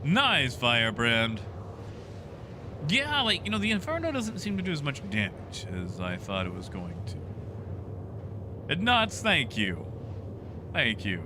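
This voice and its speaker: Man, game streamer, casual chat, lively intonation, noisy recording. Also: medium pitch, a little slow, pauses often. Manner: chatty, answers chat messages by name. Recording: noisy background.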